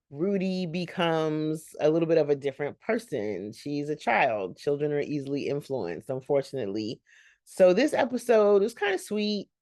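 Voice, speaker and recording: A woman's voice: low voice, a little mellow, dry recording, clean studio sound. A woman hosting a reaction channel, recapping a sitcom episode in a chatty, rambling way with laughing asides.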